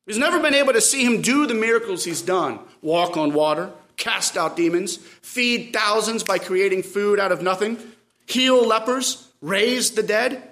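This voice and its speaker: A man preaching a sermon, swinging from loud cries to quiet asides. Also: high-pitched, animated, normal speed. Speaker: pastor.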